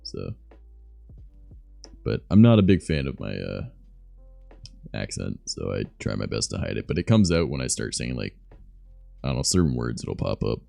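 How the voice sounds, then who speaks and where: A young man from Canada with a deep voice, chatting loosely and softly on his stream, swearing as he goes. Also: big pitch swings, moderate pace, creaky, long pauses, dry recording, faint music behind. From Southern Ontario, Canada. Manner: soft-spoken, loose and swearing. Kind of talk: casual stream chat.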